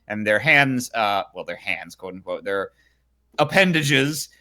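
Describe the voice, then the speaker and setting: A young man running a tabletop game as game master, narrating in a relaxed, hesitant way full of fillers. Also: on the low side, unhurried.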